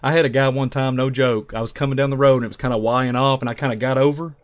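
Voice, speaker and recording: A man's voice: medium pitch, steady tone, quick pace. A man telling stories on a talk show, emphatic and rambling, acting out the voices of people in his stories. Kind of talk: animated storytelling on a talk show.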